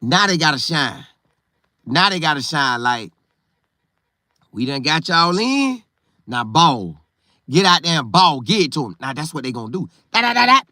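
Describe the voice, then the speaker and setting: On his casual Florida live stream, a middle-aged man reads viewer comments in a loose, talkative style, repeating phrases for emphasis. His voice is on the high side with lively intonation, a little slow with frequent pauses, bright and forceful. There's no echo and the studio sound is clean.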